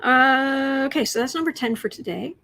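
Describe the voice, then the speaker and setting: A high-pitched woman speaking at normal speed hosts an astrology and tarot livestream. She's chatty, reading viewer comments out loud and sometimes lowering to a soft whisper or cooing at her pet.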